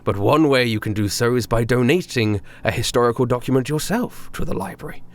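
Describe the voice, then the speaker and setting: A man's voice: mid-range voice, brisk, creaky, close to an everyday voice. A man voicing an old male French librarian, speaking formally with a French accent.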